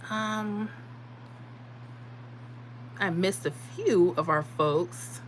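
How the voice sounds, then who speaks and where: A woman's voice: medium pitch, very slow, slight background noise, rough recording. A woman from Florida, hosting a casual livestream and answering viewer comments. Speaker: livestream host.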